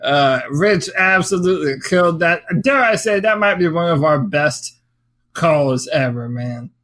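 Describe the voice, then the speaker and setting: A man's voice: on the high side, animated, a little slow, fairly bright tone. A man co-hosting a sports podcast, drawling and emphatic with slangy banter. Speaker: podcast co-host.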